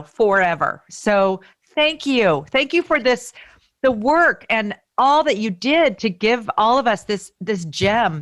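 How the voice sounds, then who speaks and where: A woman hosting a podcast interview, talking in a heartfelt, effusive way. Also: medium pitch. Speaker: podcast host. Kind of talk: casual interview chat.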